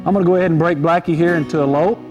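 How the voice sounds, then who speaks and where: A man's voice: fairly high pitch, fairly even intonation, very fast, dull audio. Folksy man teaching riding over guitar music. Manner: easygoing, folksy, repeats key points. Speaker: horse trainer. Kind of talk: instructional riding demonstration. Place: outdoor arena on horseback. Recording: music playing behind.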